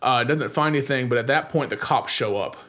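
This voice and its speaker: Young adult man, podcast co-host, casual movie recap, middle pitch, animated, lots of filler words. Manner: animated retelling with frequent "like" fillers and quick acted-out lines.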